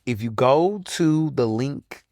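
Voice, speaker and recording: A man talks through his own solo podcast in a loose, chatty, slangy way, full of quick asides. His pitch swings widely up and down as he goes. The sound is close and dry, with no room around it. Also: animated, a little mellow, dry recording. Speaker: podcast host. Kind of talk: casual solo podcast monologue.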